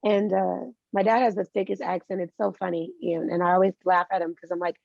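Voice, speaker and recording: A woman's voice: fairly low pitch, level tone, fast talker, gravelly, a little mellow, dry recording, lo-fi sound. A woman guest in an interview, speaking candidly and telling personal stories, animating other people's words as she quotes them. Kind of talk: interview conversation.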